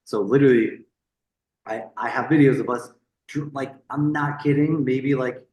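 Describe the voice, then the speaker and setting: Animated, swearing man telling a story. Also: medium pitch, normal speed, echoey room, low-quality recording. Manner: animated, swears freely, repeats words, acts out quoted people. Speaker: podcast guest. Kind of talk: casual storytelling interview.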